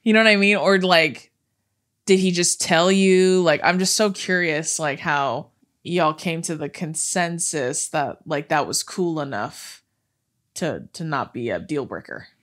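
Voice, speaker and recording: A young woman co-hosting a podcast in casual chat, talking fast and loose with lots of fillers and swearing. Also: low-pitched, fairly bright tone. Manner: chatty, swearing, many fillers like "like" and "dude". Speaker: podcast co-host.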